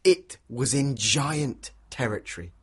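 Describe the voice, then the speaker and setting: A man's voice: mid-range voice, slow, a bit bright, breathy edge. A man, telling an interactive children's story and inviting listeners to join in. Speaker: storyteller guide for a children's walk.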